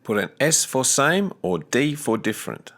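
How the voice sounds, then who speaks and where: A man teaching a recorded language lesson, speaking slowly and deliberately with careful enunciation. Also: medium pitch, big pitch swings, fairly bright tone.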